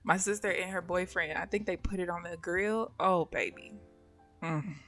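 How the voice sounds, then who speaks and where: A woman host of a live stream, telling a casual story to her chat in an animated way, laughing often and acting out the voices of the people she quotes. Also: fairly low pitch, normal speed, faint music behind.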